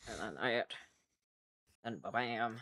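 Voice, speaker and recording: A woman's voice: a bass voice, takes it slowly, a bit bright. A woman streaming while she draws, chatting casually in a rambling, self-mocking way, swearing freely and sounding tired. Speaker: artist streamer. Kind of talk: casual livestream chat while drawing.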